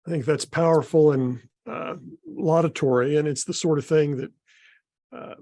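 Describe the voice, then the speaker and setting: Male interviewer, slightly high voice, dry close sound, polite and conversational. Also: steady tone, moderate pace, mellow, no echo. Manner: polite, reframes audience questions with fillers.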